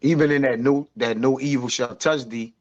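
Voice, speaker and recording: A man's voice: mid-range voice, steady tone, moderate pace, a little mellow, highs cut off. A man reading a verse and commenting on it casually, often saying "man". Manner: casual, says man a lot. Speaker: study group member.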